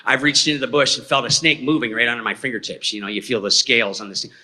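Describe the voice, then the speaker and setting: Speaking fast in a mid-range voice with fairly even intonation, this man sounds bright and forceful. He's an eyewitness at a talk in a hall, rambling through a folksy story for the audience with repeated "okay?" check-ins. Reverb from the hall fills the recording.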